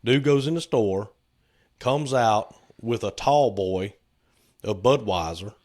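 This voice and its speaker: A man's voice: on the low side, slow pace, darkish tone. A man, co-hosting a casual podcast, spins a yarn at an easygoing pace. He chuckles along and slips into the voices of the people in his story. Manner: laid-back, chuckling, acts out quotes. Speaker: podcast co-host.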